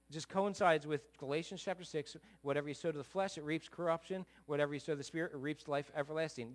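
A man preaching a sermon in a conversational way, with animated, emphatic peaks and frequent asides to the listeners. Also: a little high. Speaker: pastor.

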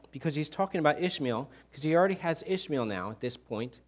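Man, pastor, casual sermon, slightly high voice, rising emphasis. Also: a little fast. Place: church.

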